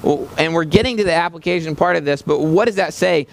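A man's voice: on the high side, fast talker, gravelly, hardly any pauses. A man preaching a sermon as a visiting missionary, passionate and emphatic, speaking straight to the congregation in a church. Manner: passionate, rising to emphatic peaks, addresses congregation directly.

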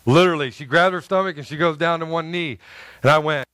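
A man's voice: on the high side, quick pace, no room sound, clean studio sound. A middle-aged man preaching a sermon, telling personal stories with humor and acting out the people in them. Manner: animated storyteller who acts out quotes and jokes with the congregation. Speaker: pastor.

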